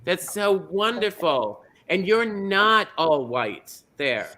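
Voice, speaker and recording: Gushy small-town lady host played by a man, bright and a bit high, rambles on, stumbles over names. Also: sing-song, slow pace, full character voice. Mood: chatty. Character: chatty middle-aged small-town lady pageant host. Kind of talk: comedic drag character hosting.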